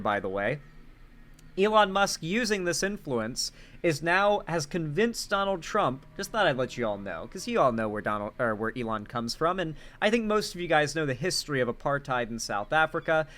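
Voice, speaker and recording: This is casual political commentary from a young man whose pitch sits fairly high. Animated and sarcastic, he moves back and forth between booming emphasis and hushed side remarks.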